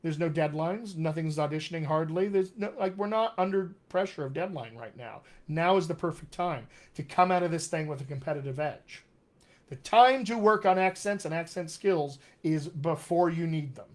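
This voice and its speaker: A man with a fairly high speaking voice runs a live question-and-answer stream as a dialect coach. He reads out questions from viewers and answers each one in an upbeat, encouraging way, addressing his audience directly. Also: moderate pace.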